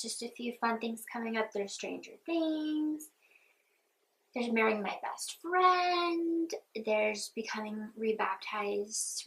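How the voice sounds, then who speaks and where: A woman's voice: mid-range voice, bright, forceful tone, low-quality recording. A young woman vlogger in casual get-ready-with-me chat, talking in a chatty, heartfelt and earnest way.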